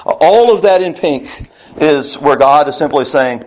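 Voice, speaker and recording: A man's voice: on the high side, animated, normal speed, a little mellow, highs cut off. A man preaching a conversational Bible lesson, reading verses aloud with rising emphasis between casual asides. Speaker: pastor. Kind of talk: Bible teaching sermon.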